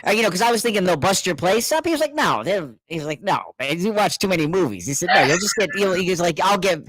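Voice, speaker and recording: A middle-aged man telling a story in casual chat, animated, laughing often and acting out what others said. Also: sits high, fast talker, no echo. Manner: animated, laughing, repeats words, acts out quotes.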